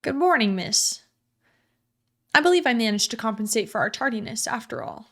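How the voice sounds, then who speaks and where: A woman's voice: on the high side, lively intonation, normal speed. A woman voicing a polite, unsettling male bus driver who speaks in a formal, courteous way.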